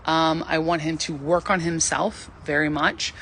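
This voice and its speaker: A woman in her thirties hosting a livestream, giving casual, animated dating advice and acting out the voices she quotes. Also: low-pitched, a little slow, slight background noise. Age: 30s.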